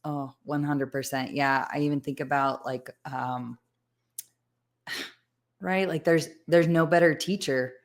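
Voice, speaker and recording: A woman's voice: low voice, fairly even intonation, slow, long pauses. A woman hosting a podcast, sharing a personal story in an earnest, emotional way. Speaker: podcast host. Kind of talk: conversational interview.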